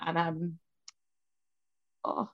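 A woman's voice: fairly low pitch, completely flat delivery, very slow, vocal fry, no echo, lo-fi sound. A woman, an interview guest, telling an emotional personal story in a rambling, self-interrupting way, speaking over a video call. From Ireland.

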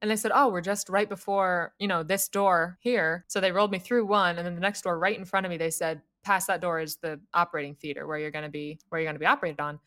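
A woman's voice: lowish voice, fairly even intonation, fast talker, hardly any pauses, a bit bright. Wry young woman telling a story. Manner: wry, teasing, laughs often. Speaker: podcast guest telling her story. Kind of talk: casual storytelling chat.

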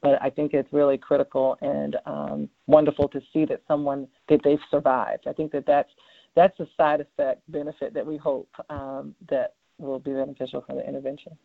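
Heard on a dry, tinny phone line without room sound, a cancer researcher answers interview questions sincerely and warmly, with many fillers and restarts. His gravelly voice is fairly high and level, at a normal speed.

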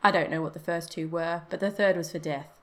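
A solemn, weathered soldier of middle years, as a woman reading the tale puts him on. He speaks in a grave, measured way, each warning weighed carefully, in a storybook voice that stays low and a little deep. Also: expressive. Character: grave weathered male sergeant major, solemn.

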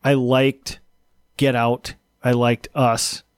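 A man's voice: mid-range voice, little pitch movement, slow pace, smooth, no room sound. Laid-back guy talking movies, chuckles, dry close sound. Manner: easygoing, laughing, retelling jokes. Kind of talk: casual chat.

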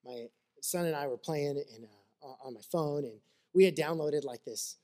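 A man's voice: a little high, normal speed, warm tone. A man preaching a sermon as a pastor, earnest and conversational, mixing scripture with personal stories.

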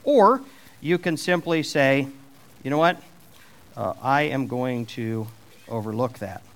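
A man's voice: mid-range voice, slow. A middle-aged man preaching a sermon, taking on God's voice for the scripture questions with rising emphasis.

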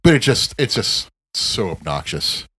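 A man co-hosting a podcast in casual chat, rambling and profane, ranting with animated emphasis. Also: fairly low pitch, unhurried, breathy edge, no echo. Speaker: podcast co-host.

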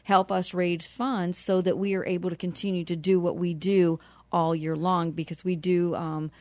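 A woman's voice: lowish voice, level tone, moderate pace, a little mellow, no room sound. A woman who runs a nonprofit, speaking earnestly as a radio interview guest and spelling out details carefully. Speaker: nonprofit executive director, guest.

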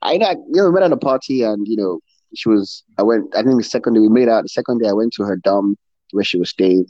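A man's voice: on the low side, animated, fast talker, warm tone, no echo. A middle-aged man from Nigeria, an interview guest chatting candidly, rambling with lots of restarts and swearing, in muffled lo-fi audio. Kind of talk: candid casual chat.

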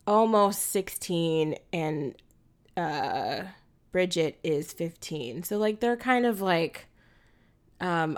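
A young woman co-hosting a casual film podcast, rambling with lots of fillers and frequent laughter. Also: on the low side. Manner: rambling, many fillers and restarts, laughs often. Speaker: podcast co-host.

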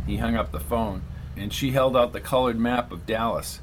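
A man narrating an audiobook novel in a steady, measured way. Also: medium pitch, a little hiss or hum.

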